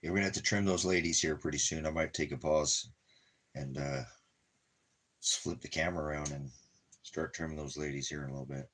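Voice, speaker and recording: A man's voice: extremely low pitch, steady tone, fairly quick, a bit bright, slightly rough. A man chatting casually and rambling on a livestream at home, often talking fondly to his dogs. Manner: talks to his dogs in a doting, repetitive way. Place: at home indoors.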